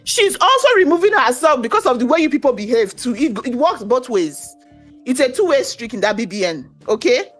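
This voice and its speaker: A woman's voice: sits high, fairly quick, soft background music. A woman giving a heated, opinionated rant about a reality show. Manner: animated, ranting, quoting others. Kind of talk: casual opinionated chat.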